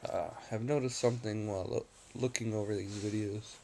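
A young man vlogging casually at home, speaking in a slow, low-key way and talking to his dog. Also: steady tone, warm tone, slight background noise. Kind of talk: casual vlog chat. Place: at home indoors.

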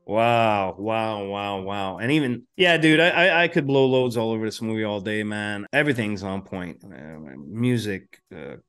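A man hosting a casual podcast chat, relaxed and profane and enthusiastic about film. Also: lowish voice, normal speed, few pauses, smooth. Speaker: podcast host.

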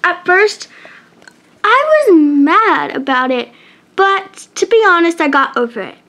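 A woman reading a chapter book aloud, halting and often restarting words. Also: very high voice, very animated, a bit bright. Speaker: storybook reader.

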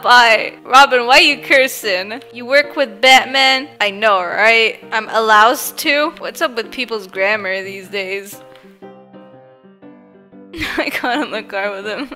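A woman's voice: a little high, takes it slowly, sharp tone. A young woman playing a game on camera, chatting with other players, giggling often. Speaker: gaming YouTuber. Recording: game music faintly behind.

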